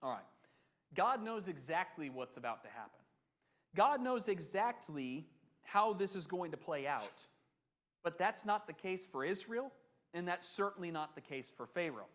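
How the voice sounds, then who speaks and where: A man leads an adult Bible class, talking it through with the group and throwing questions at them. His voice sits high and moves a lot, rising and falling with real life. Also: moderate pace. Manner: animated, conversational, asks the class questions.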